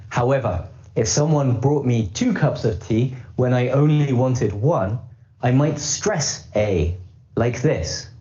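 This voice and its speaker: A man teaching English pronunciation in scripted narration, explaining slowly and carefully and repeating model phrases. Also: mid-range voice, warm tone. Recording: slightly dull lo-fi audio.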